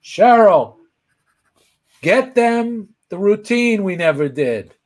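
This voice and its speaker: Guy doing a goofy old comedy legend, syrupy showbiz charm, squeaky bits. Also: normal speed, lightly acted. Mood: grandiose. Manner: exaggerated showbiz warmth with sudden goofy squeals. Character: elderly male comedy legend, zany and sentimental. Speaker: host.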